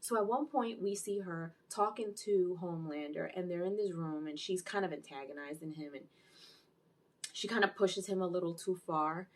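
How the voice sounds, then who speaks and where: A woman giving a casual, animated recap and review of a TV episode, telling the plot with exclamations. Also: lowish voice, normal speed. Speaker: TV series reviewer.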